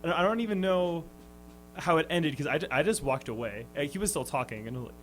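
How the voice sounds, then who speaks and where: A man's voice: fairly high pitch, lively intonation, fairly quick, poor audio. A young man, a touring musician, telling stories in a casual radio interview, hesitant and laughing. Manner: hesitant, lots of fillers and restarts, laughing. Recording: radio studio with music underneath.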